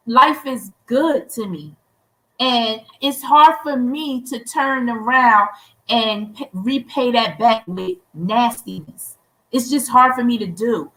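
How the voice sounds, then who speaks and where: Woman guest, high bright voice, earnest and grateful, quick bursts. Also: low-quality recording. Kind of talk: casual live-stream chat.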